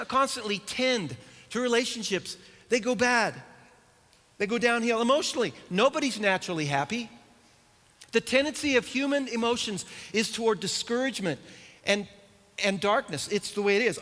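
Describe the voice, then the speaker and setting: A man's voice: extremely high pitch, brisk, a bit bright. A middle-aged man preaching a sermon in a church, conversational and humorous, tossing rhetorical questions to the congregation. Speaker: pastor. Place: church auditorium. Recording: church hall reverb.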